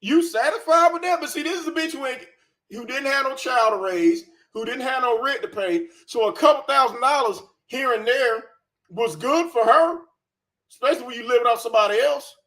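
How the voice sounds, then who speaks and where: A man's voice: extremely high pitch, brisk, pushed and bright. A man hosting a reaction commentary, profane, scornful and sarcastic. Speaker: commentary channel host.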